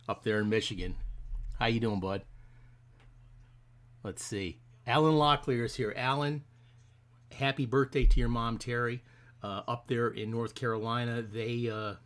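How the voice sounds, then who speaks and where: A middle-aged man hosting a casual live stream, rambling in a friendly way and greeting his viewers by name. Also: medium pitch.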